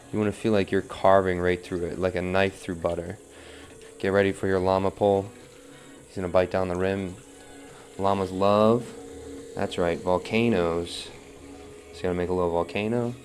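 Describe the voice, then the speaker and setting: A man's voice: deep voice, steady tone, moderate pace, a little mellow, faint music behind. A man teaching wheel-throwing as he works, talking through each step and counting pulls under his breath. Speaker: pottery instructor. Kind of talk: live throwing demonstration.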